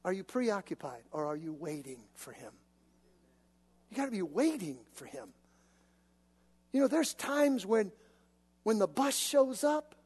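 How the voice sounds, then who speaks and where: A man preaching a sermon, telling stories in an animated, conversational way. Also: high-pitched, normal speed, long pauses, breathy edge. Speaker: pastor. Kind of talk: sermon with personal storytelling. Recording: long reverb of a large hall.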